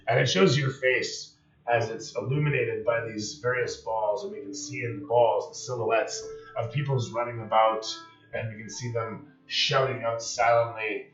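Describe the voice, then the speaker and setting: A man running a tabletop game on a live stream as game master, describing scenes like camera shots, with many fillers. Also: fairly low pitch. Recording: echoey, distant, dull sound with faint music.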